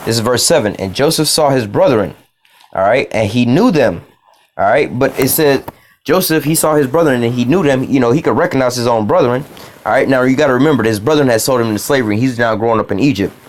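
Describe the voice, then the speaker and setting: A man's voice: medium pitch, fast, a little hiss or hum. A man teaching from the Bible in a loose, casual way, often saying "you know" and "all right".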